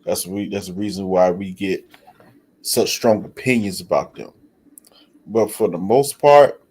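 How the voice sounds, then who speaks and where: A blunt man gives his take as a panelist, frank and unsugarcoated. His voice is fairly low, and he talks slowly, letting each point land. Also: darkish tone, slightly rough. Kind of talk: casual opinion commentary.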